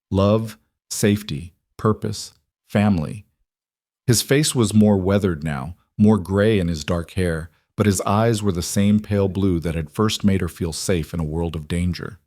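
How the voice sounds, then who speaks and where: A man reading a scripted story in an even, measured way. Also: deep voice, no echo, clean studio sound. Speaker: narrator. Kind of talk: scripted narration.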